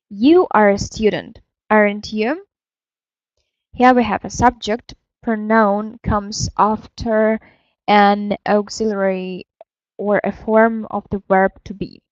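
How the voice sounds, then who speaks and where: A woman teaching an English grammar lesson, explaining slowly and carefully with fillers and self-corrections. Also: medium pitch, no room sound, lo-fi sound. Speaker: language teacher.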